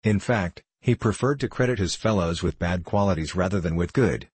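A man reading a novel aloud as an audiobook narrator in a measured, even way. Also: deep voice, breathy edge, no room sound. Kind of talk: scripted narration.

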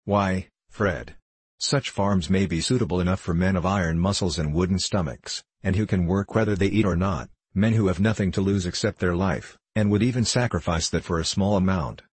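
A hearty, boastful young man spins exaggerated warnings with relish, read by a man in an audiobook. His voice is low and slightly husky. The sound is dry and close. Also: moderate pace, dry recording. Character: boisterous gossiping young English man, fond of tall tales.

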